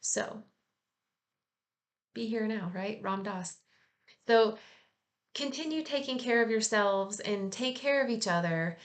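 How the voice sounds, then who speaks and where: A woman speaking at a middle pitch in an easygoing, conversational way, with plenty of filler words. She reflects gently on slowing down and encourages her listeners softly. There is a light, self-amused warmth in how she talks. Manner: relaxed and chatty, with frequent fillers; yawns and laughs at herself. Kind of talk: casual spiritual reflection.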